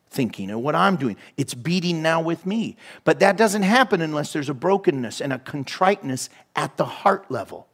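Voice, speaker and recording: A man preaching a sermon to his church, telling stories with animated swings and dropping to soft whispers for emphasis. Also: a little high, slightly rough. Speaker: pastor. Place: church hall.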